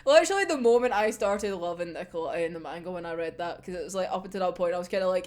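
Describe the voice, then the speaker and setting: A woman's voice: mid-range voice, sing-song, fast talker, few pauses, a little hiss or hum. A young woman gushing over an anime episode. She rambles, swears freely and keeps breaking into laughter. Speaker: anime reviewer. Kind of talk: excited episode discussion.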